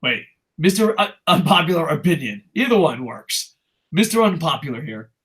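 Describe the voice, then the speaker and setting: A man with a fairly high voice rants about wrestling on a casual talk show. He swears constantly and keeps getting carried away, reading out viewer comments as he goes. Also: very animated, normal speed, fairly bright tone. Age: adult with a child. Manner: profane passionate ranting. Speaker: podcast host.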